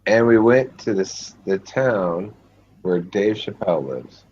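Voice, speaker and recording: A man's voice: lowish voice, expressive, slow, darkish tone, lo-fi sound. A man hosting a casual chat with friends, talking with dry, wry humor. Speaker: host chatting with friends.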